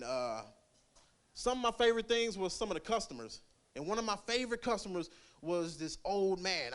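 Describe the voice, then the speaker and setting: A young man doing rambling, crude stand-up at an open mic, laughing at his own jokes. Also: sits high. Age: young adult. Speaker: stand-up comic.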